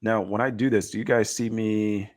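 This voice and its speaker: A man's voice: fairly low pitch, fairly even intonation, moderate pace. A man co-hosting a casual online panel, upbeat and steering the talk from one segment to the next. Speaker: co-host.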